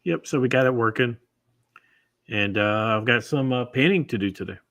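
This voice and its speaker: A man co-hosting a casual podcast, laid-back and halting. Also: mid-range voice, a bit bright, no echo. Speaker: podcast co-host.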